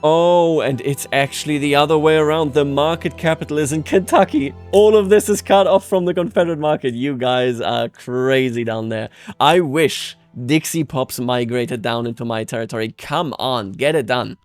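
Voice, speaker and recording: A man's voice: mid-range voice, normal speed, few pauses, faint music behind. A man from Bavaria giving playful, sarcastic commentary over his strategy game, chuckling often. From Bavaria, Germany. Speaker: strategy game video creator. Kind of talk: gameplay commentary.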